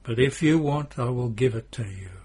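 A man voicing an eager, impulsive middle-aged fisherman disciple, his voice jumping up in pitch. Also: moderate pace, a little mellow, slightly rough, lightly acted. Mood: relieved, fervent.

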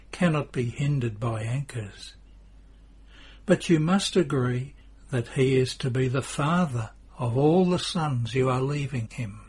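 Tender pleading mother voiced by a man in a storybook reading, slow and husky. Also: medium pitch. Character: gentle loving mother, middle-aged woman.

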